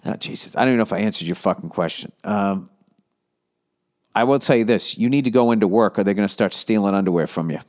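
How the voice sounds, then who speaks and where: A man's voice: fairly low pitch, quick pace. A man hosting a podcast, reading listener letters and giving blunt, profane, rambling advice with mock exasperation. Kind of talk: casual profane advice rant.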